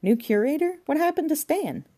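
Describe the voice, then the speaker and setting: A woman's voice: high voice, animated, moderate pace, dark tone, pitched above the performer's own voice. A woman voicing a fussy, anxious middle-aged male restorer who talks in a prim, insistent way. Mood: alarmed. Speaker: figure in a comic novel.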